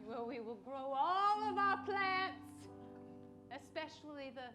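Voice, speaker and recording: A woman's voice: high voice, expressive, takes it slowly, music in the background. A woman improvising a playful love letter on stage, giggling and mock-tender. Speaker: improv performer.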